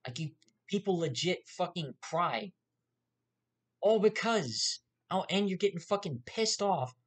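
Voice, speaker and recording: A vlogger ranting to camera with a lot of swearing. The talk rambles with fillers and restarts, and the pitch jumps up sharply when angry. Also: a bit bright. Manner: profane, heated ranting.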